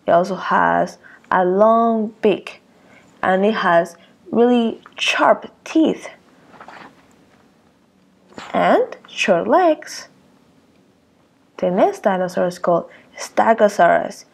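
A woman early years teacher leads circle time and reads a picture book to small children. She talks very slowly and with a gravelly edge. She exclaims a lot and keeps asking the little ones questions. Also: mid-range voice.

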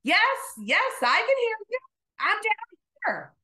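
A woman voicing a panicked man clinging to a cliff, shouting and pleading. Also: extremely high pitch, big pitch swings, takes it slowly, voice pushed up, exaggerated voice. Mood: anxious.

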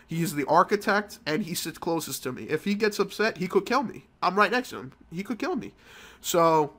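A man's voice: sits high, lively intonation, fairly quick, sharp tone. A man hosting a mobile game channel, telling a rambling, profane story while sick with a cold. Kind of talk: casual gameplay commentary.

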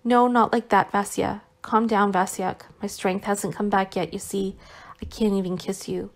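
A woman voicing a gentle, worn-out young man who is still recovering, speaking tenderly with some reproach, in an audiobook reading. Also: medium pitch, flat delivery, moderate pace, lightly acted. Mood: tender, reproachful.

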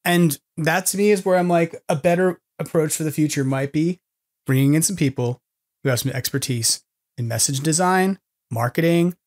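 A man's voice: fairly high pitch, normal speed, a little mellow. A man hosting a casual podcast chat, rambling and self-deprecating, often laughing between thoughts. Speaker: podcast host.

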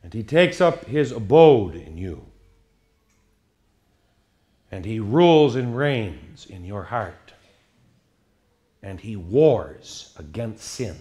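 A man pastor preaching an evening sermon, emphatic and swinging between hushed passages and loud outbursts. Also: lowish voice, very animated, slow, long pauses.

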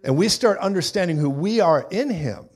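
Preacher, man, middle-aged, lively sermon delivery, slightly high-pitched. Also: normal speed. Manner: animated storytelling, acts out voices with loud sound effects.

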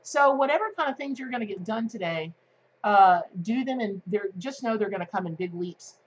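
A woman giving a daily tarot card reading to her viewers, chatty and excitable, with plenty of fillers. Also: mid-range voice, a little fast, highs cut off. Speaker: tarot reader.

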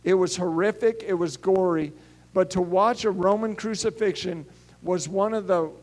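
A middle-aged male pastor preaching a sermon, telling stories and swinging between hushed and emphatic delivery. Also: high-pitched, normal speed.

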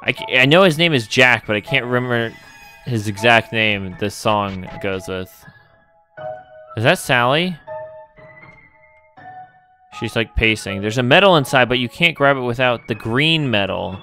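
A man's voice: mid-range voice, animated, a little slow, pauses often, bright, forceful tone, soft background music. A man recording let's play commentary, reading every character's lines in his own voice and exclaiming when startled. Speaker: gamer reading game dialogue aloud.

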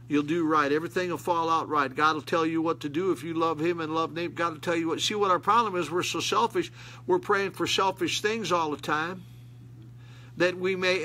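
An older man with a drawl preaches in a homespun, fervent way, his voice bright and forward. He sits a little high for a man. Faint noise hums under the recording. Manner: folksy, rising to emphatic preaching. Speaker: pastor. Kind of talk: sermon.

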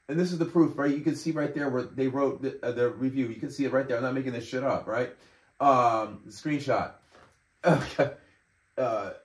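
A man's voice: medium pitch, moderate pace. A man in his fifties hosting a casual commentary show, reading messages aloud with sarcastic, profane indignation and frequent laughter. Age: 50s. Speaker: host. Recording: roomy echo.

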